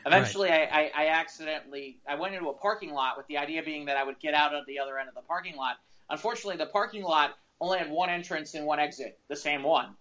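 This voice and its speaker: A man's voice: fairly high pitch, fast, bright, forceful tone, muffled recording. A man co-hosting a casual talk show, telling a long, rambling story. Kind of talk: casual podcast chat.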